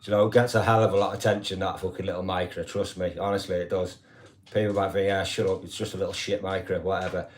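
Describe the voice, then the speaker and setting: An older man holds forth in a loose, rambling live-stream chat. His voice sits on the low side, and he swears freely and keeps checking in with "do you know what I mean.". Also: flat delivery, quick pace, a little hiss or hum.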